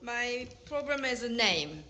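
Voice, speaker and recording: A woman with a Japanese accent speaks up in an online class, her voice bright and clear. She tells her stories in a chatty, laughing, self-deprecating way over a video call. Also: fairly high pitch, expressive, measured pace. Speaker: class participant.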